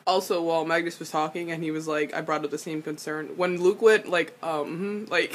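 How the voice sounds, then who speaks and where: Bright-voiced young woman, animated. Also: on the low side, brisk. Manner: animated, exclamatory, swears and laughs often. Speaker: vlogger. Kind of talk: casual TV episode recap.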